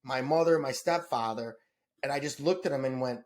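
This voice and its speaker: A man's voice: mid-range voice, a little fast, darkish tone. A middle-aged man from Detroit, a podcast guest talking earnestly and emotionally, often stammering and repeating words. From Detroit, USA. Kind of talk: casual conversation.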